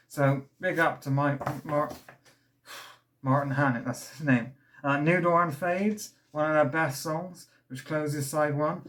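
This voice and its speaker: In this laid-back album review vlog, a young male reviewer speaks in a fairly high, slightly bright voice. His delivery is eager and a little breathless, full of rambling enthusiasm, filler words and false starts.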